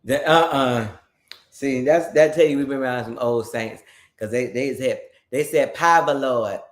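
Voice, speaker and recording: A man's voice: medium pitch, moderate pace. A man co-hosting a live stream in playful, teasing casual chat. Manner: playful, teasing, animated banter. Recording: roomy echo.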